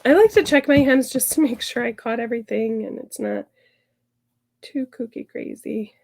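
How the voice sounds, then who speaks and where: Gravelly-voiced woman with a cold. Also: on the high side, moderate pace, darkish tone. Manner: chatty and upbeat, with fillers. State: sick, gravelly voice. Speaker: sewing instructor. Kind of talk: casual sew-along tutorial.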